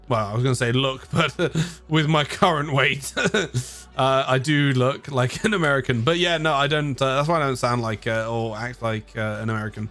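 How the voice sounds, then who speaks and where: A man's voice: medium pitch, a bit bright. A man with an English accent, from the United Kingdom, chatting casually on a live stream, tired, rambling and often chuckling at himself.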